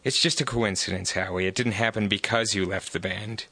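A man's voice: on the low side, steady tone, brisk, pushed and bright, no room sound. A man voicing a worried, exasperated young woman in a live book reading, pleading and growing angry. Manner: pleading, rising anger. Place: bookstore.

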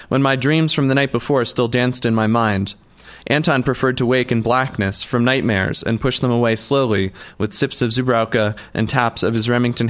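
A man reading a novel aloud in a measured storytelling manner. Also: mid-range voice. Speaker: audiobook narrator. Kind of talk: scripted narration.

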